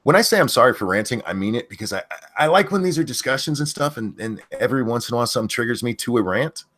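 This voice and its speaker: A man's voice: mid-range voice, animated, quick pace, a bit bright. A man hosting a livestream, ranting bluntly and swearing a lot. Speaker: channel host. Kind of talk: profane ranting commentary on a stream.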